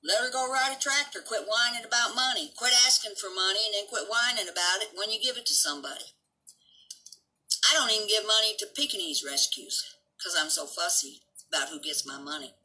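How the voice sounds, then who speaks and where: A woman's voice: mid-range voice, a little fast, bright, forceful tone, low-quality recording. An older woman hosting a casual live stream, talking bluntly and profanely about online gossip and greeting viewers. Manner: coos baby talk at her dog.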